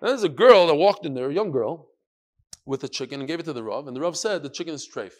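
Guy giving a talmud class, lively storyteller, slightly high voice. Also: quick pace. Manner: lively, sprinkles in Hebrew and Yiddish terms. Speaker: Talmud teacher. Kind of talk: animated storytelling lesson.

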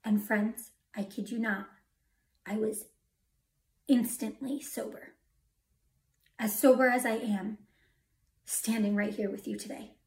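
A woman's voice: fairly high pitch, fairly even intonation, takes it slowly, long pauses, darkish tone. A woman preaching a testimony sermon, telling her story dramatically and dropping to a whisper for emphasis. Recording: echoey hall from far off.

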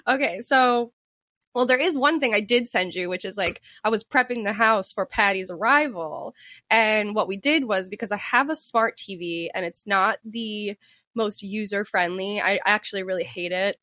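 A woman's voice: medium pitch, moderate pace, bright, forceful tone, no echo. A woman co-hosting a podcast, telling a story in casual chat and laughing often. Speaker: podcast co-host.

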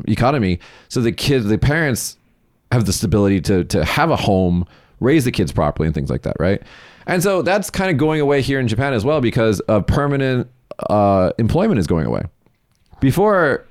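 A man hosting a casual podcast chat, a rambling, animated storyteller who acts out what others said. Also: on the low side, dry recording, clean studio sound. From United States. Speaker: podcast host, company CEO.

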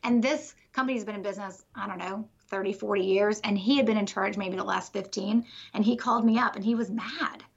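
A woman's voice: mid-range voice, brisk, creaky, hardly any pauses, slightly rough, lo-fi sound. A woman guest on a podcast interview, a business coach explaining her method with energy and conviction.

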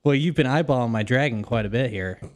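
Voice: mid-range voice, fast talker. A player in a tabletop game, joking with hesitant starts. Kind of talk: casual game chat.

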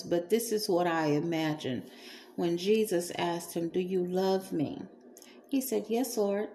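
A woman preaching a sermon in a slow, earnest way, with soft pauses and fillers. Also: mid-range voice.

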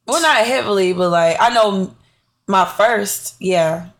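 A young woman co-hosts a podcast, chatting in a relaxed and easygoing way. Her voice sits mid-range in pitch, and she often trails off softly at the ends of her thoughts. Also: slow pace. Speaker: podcast co-host. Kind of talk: casual chat.

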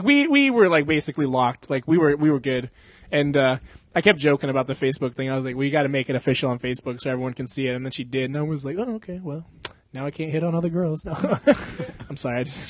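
A man's voice: a little high, no room sound. A young man on a podcast, casually telling a story in a loose, profane way and laughing often. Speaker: podcast co-host. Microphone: podcast microphone.

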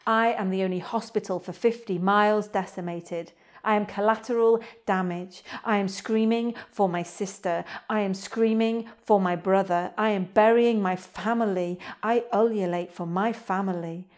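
A woman's voice: medium pitch, fairly even intonation, normal speed. Woman reading poetry. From North Wales. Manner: rhythmic, insistent spoken-word delivery. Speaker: poet.

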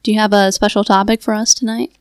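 A woman's voice: medium pitch, flat delivery, fast, smooth, dry recording. A woman co-hosting a podcast, reacting to her partner with short, amused replies. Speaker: podcast co-host. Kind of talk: casual chat.

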